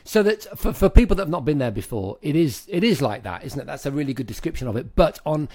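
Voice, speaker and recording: A man's voice: a little high, lively intonation, fast talker, a little mellow. A man co-hosting a tech podcast, speaking like an enthusiastic presenter. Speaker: podcast co-host. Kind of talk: casual chat.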